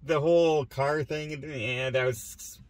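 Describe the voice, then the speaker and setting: A man's voice: on the high side, steady tone, takes it slowly, dry recording. A man hosting a movie review show, chatting casually and with animation about a film he just saw.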